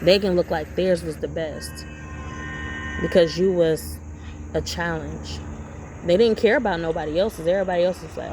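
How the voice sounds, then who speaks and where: A woman's voice: sits low, fairly even intonation, measured pace, long pauses, background noise. A woman vlogger giving a rambling, preachy motivational talk, repeating her points as she goes. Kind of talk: casual motivational monologue.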